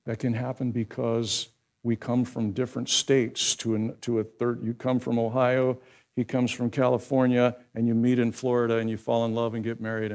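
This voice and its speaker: A male pastor giving a conversational sermon that builds into loud, emphatic preaching. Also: mid-range voice.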